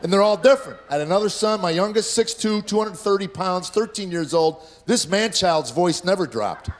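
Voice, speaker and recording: A man's voice: high voice, moderate pace. A middle-aged man doing a stand-up comedy routine, telling stories and acting out voices. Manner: storytelling, animated, acting out voices. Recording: live club audio with audience noise.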